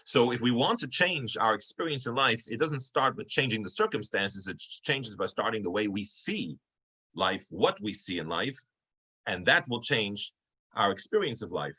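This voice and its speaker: Bright-voiced man teaching an online class. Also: fairly low pitch, lively intonation, normal speed, slightly rough, poor audio. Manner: conversational, many fillers and restarts. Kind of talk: online class storytelling lecture. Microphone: video call.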